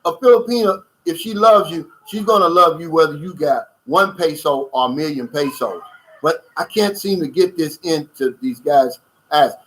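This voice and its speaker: A man's voice: on the high side, moderate pace, a bit bright, poor audio. Blunt man hosting a casual livestream chat. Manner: emphatic, blunt, calls listeners "man". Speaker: channel host reading viewer comments.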